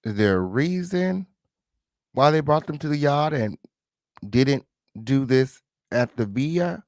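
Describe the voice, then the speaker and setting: A man's voice: medium pitch, expressive, a little slow, no echo, studio quality. A man hosting a live reaction commentary, sassy and chatty, talking straight to his viewers and repeating his catchphrases. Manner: repeats catchphrases, mock-dramatic asides. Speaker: host reacting to news.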